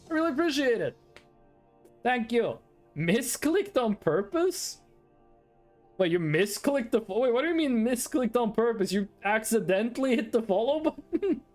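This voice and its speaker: Lively high-voiced man streaming. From Norway. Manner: playful, rambling, teasing chat. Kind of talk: casual live-stream chat.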